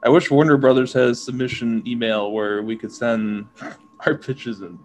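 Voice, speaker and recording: A man's voice: mid-range voice, fairly even intonation, moderate pace. Dry young man with faint hiss. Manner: dry, brief interjections feeding the jokes. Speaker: podcast co-host. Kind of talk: casual comedic chat.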